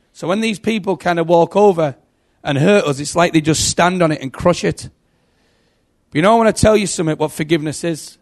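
A middle-aged man giving an emotional sermon testimony, telling stories and swinging from hushed to loud. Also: on the high side, gravelly. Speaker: preacher.

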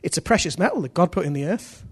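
A middle-aged man preaching a sermon in an animated way, acting out voices and swinging from loud to hushed. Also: high voice, fast, slightly rough.

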